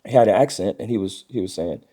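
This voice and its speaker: A man's voice: lowish voice, quick pace, mellow. Earnest middle-aged man in casual discussion. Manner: earnest, acts out quoted speech in a raised voice. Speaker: guest.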